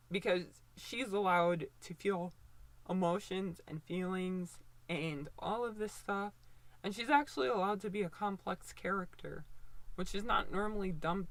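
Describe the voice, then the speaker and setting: Slow-talking young woman, opinionated. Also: medium pitch, bright, forceful tone, dry recording. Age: 20s. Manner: opinionated, rambling with many fillers and restarts. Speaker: commentator. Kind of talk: casual commentary video.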